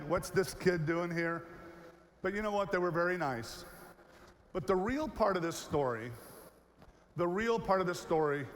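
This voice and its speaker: A man in his fifties, a keynote speaker telling a story to a large audience and acting out its characters. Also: sits high. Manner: animated, acts out the characters in his stories. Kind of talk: storytelling speech. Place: large hall, on stage. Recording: long hall reverb, faint noise.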